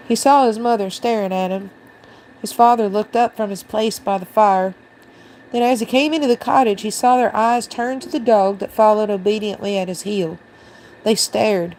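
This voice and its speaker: A woman host reading a storybook aloud in a steady, even narration. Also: on the high side, slight background noise, poor audio.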